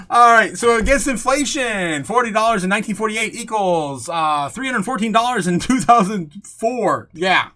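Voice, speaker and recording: A young man hosting a crypto livestream, rambling, laughing, swearing and exclaiming loudly, a bit tipsy. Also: high-pitched, lively intonation, unhurried. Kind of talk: rambling live-stream chat.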